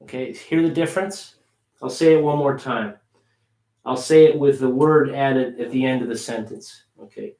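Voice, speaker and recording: A man teaching English pronunciation on a livestream, repeating words slowly for practice. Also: mid-range voice, steady tone, a little mellow, reverberant.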